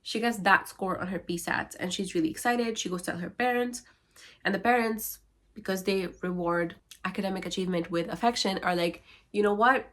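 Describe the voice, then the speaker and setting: Wry, sarcastic woman with a low voice. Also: a little fast. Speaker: book vlogger. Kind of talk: casual book-summary vlog.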